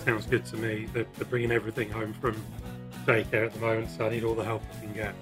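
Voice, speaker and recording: A man co-hosting a radio show, his voice husky from a cold, laid-back. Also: on the low side, little pitch movement, quick pace, over music. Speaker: radio co-host.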